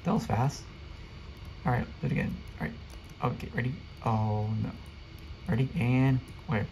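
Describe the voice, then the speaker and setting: A man giving excitable live gameplay commentary, talking to his viewers and rattling off rapid repeated urgings. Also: medium pitch, gravelly, a little hiss or hum. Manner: chatty, addresses viewers directly. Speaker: gaming video creator.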